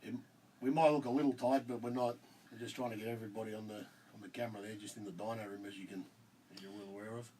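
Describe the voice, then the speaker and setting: A man in a workshop dyno room talks casually, joking and steering people into the camera frame. He is some way off the mic, and the room noise is clear behind him. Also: on the low side, fairly even intonation, quick pace. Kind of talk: casual livestream chat. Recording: noisy, distant from the mic.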